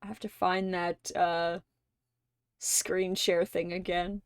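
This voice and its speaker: A woman hosting a casual livestream chat with viewers. She laughs constantly, swears freely and gushes like an excited fan. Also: lowish voice, takes it slowly, clean tone, no room sound, studio quality. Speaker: streamer host.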